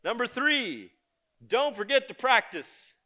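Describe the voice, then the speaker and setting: An older man giving a conference keynote, telling stories in a lively, joking and blunt way. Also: very high-pitched, slow. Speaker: keynote speaker. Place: conference stage before an audience.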